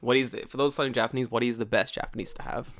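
Un hombre joven de Londres con acento londinense, que cuenta anécdotas en una charla informal, con muchas palabrotas y arrebatos de voz fuerte. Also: male voice, medium pitch, racing, gravelly. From England. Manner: profane, animated storytelling with sudden loud outbursts. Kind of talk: casual chat.

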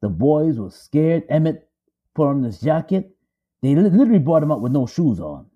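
A man's voice: a little high, very animated, moderate pace, warm tone. A man dramatically retelling a story, emphatic and repetitive, building suspense. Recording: dull lo-fi audio.

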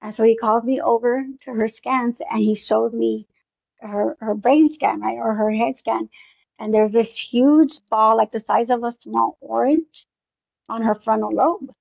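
A woman's voice: on the high side, fairly even intonation, measured pace, gravelly, darkish tone, no room sound, lo-fi sound. A woman telling a long personal story in an interview, rambling with many fillers and acting out bits of dialogue. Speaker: interview guest.

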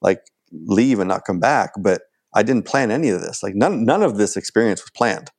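A man's voice: lowish voice, lively intonation, moderate pace, slightly rough. A middle-aged man casually telling a long anecdote as a podcast guest, full of "like" and restarts, acting out quoted dialogue in a raised voice. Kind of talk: casual storytelling.

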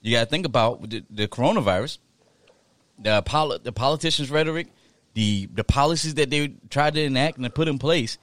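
Man co-host, halting opinions, dry close sound. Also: medium pitch, fairly bright tone, no echo. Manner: halting, repeats words while thinking. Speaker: podcast co-host. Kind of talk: casual chat.

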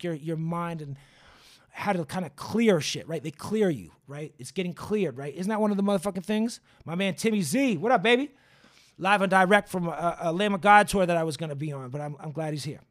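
Young dude podcast host rambling a wild story, lots of cursing, slightly high voice. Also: male voice. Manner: profane, animated, off-the-cuff. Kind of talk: casual storytelling.

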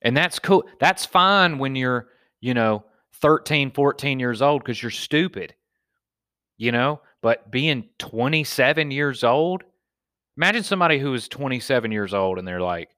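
A man's voice: mid-range voice, normal speed, clear, resonant tone, dry recording, clean studio sound. A man from Alabama with a Southern accent, telling stories in a casual, profane monologue as a podcast host and stand-up comic. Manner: profane, animated storyteller.

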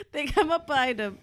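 A woman's voice: high voice, a bit bright, no room sound. Woman on a podcast trashing a movie, swears a lot, laughs, dry mic. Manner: blunt, laughing, swears freely. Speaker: podcast co-host. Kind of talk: casual chat.

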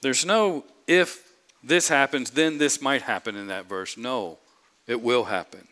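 A man's voice: mid-range voice, lively intonation, moderate pace, a bit bright. A man preaching a sermon, emphatic, repeating phrases and asking the congregation rhetorical questions. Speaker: pastor.

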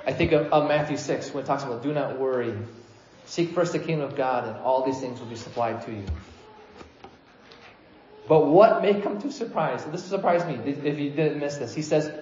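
A male preacher delivers his sermon in a loose, conversational way, breaking into lively voices whenever he quotes someone. His voice sits a little higher than most men's. He is heard in an echoey church hall on a slightly muffled recording. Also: normal speed, a little hiss or hum. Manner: conversational, animated when quoting, frequent restarts. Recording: echoey room, slightly dull sound.

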